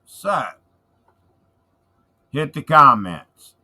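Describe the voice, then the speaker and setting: A man hosting a video channel, commenting on police footage in a deliberate, urging way and signing off to viewers. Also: on the high side, big pitch swings, pushed and bright. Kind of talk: commentary and sign-off.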